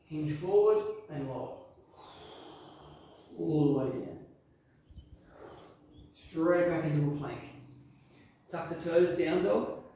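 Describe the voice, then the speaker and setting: A man's voice: on the high side, takes it slowly, long pauses, distant mic, a little hiss or hum. Man guiding yoga in an echoey room. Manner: calm, encouraging cues. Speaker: yoga instructor. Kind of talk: guided workout instruction.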